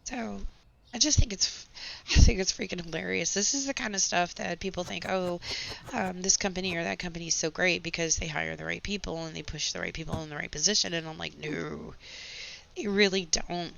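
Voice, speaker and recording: Hoarse gravelly woman. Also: on the low side, fairly even intonation, a little fast, fairly bright tone. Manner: venting, sarcastic asides. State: hoarse, voice nearly gone. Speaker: gaming channel host. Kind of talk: casual gameplay chat with storytelling. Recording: slightly dull home recording with faint background noise.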